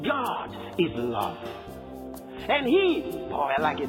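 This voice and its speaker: A man preaching a fervent sermon, emphatic and repetitive, shouting some phrases and slowing down to stress scripture. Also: on the high side, wildly swooping pitch, long reverb tail, over music.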